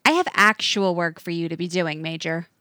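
A woman voicing a frazzled, prickly male scientist in a read-aloud story, with sharp, exasperated outbursts. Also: fairly low pitch, normal speed, dry recording, clean studio sound. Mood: brusque.

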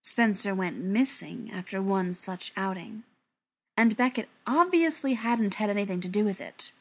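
Female audiobook narrator: mid pitch, expressive scripted storytelling, occasional near-whispers. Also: moderate pace.

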